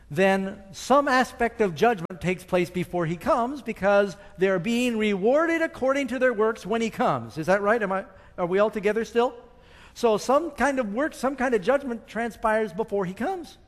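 A man's voice: sits high, expressive, normal speed. A man preaching a sermon with emphatic delivery, quoting scripture and asking the congregation questions. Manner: emphatic, rising and falling with scripture quotes, asks the audience questions. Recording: long hall reverb.

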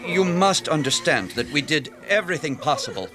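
An actor playing a weary, bitter hospital doctor in a radio drama, brusque and scornful. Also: male voice, on the high side, very animated, brisk, over loud music. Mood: stiff.

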